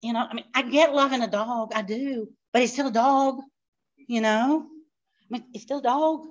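A woman pastor, teaching a live class in a fast, animated storytelling way with quick asides. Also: fairly high pitch. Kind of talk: live-recorded church class. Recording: dull lo-fi live recording.

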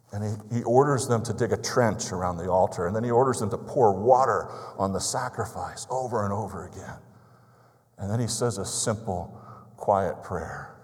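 Low-voiced pastor in a reverberant hall. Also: male voice. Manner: conversational storytelling, emphatic rhetorical questions. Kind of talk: sermon. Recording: long reverb of a large hall.

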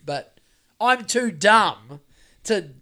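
A man's voice: high-pitched, expressive, extremely slow, pushed and bright. A man, co-hosting a podcast in casual chat, rambling and swearing with lots of restarts. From New Zealand. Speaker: podcast co-host.

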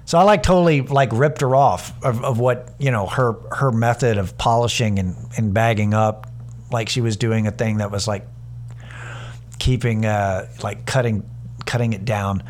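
A man's voice: lowish voice, normal speed. A man casually telling a funny story about a coworker, swearing and restarting often, acting out both sides of the argument. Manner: animated, acts out both sides of a quarrel in quoted voices; casual and profane, many restarts and fillers. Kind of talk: storytelling comedy monologue.

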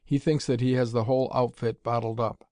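A man's voice: mid-range voice, level tone, brisk, darkish tone, dry recording, clean studio sound, lightly acted. A man reading an audiobook, voicing an eager, commanding male scientist-detective in a raised, urgent voice. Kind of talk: audiobook character voice.

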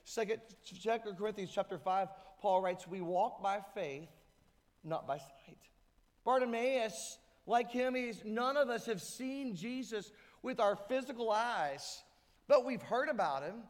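A man's voice: high-pitched, animated, unhurried. A man preaching a sermon to his church, emphatic, sometimes acting out the voices of people in the story. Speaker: pastor. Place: church sanctuary. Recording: hall reverb.

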